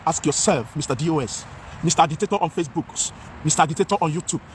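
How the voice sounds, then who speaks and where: A high, quick-talking Nigerian man vlogs outdoors on a city street, switching between English and Pidgin. He repeats his points with great passion. Faint traffic noise runs underneath his voice. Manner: impassioned, repetitive, mixes Pidgin with English. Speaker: vlogger. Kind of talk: outdoor talking-head vlog.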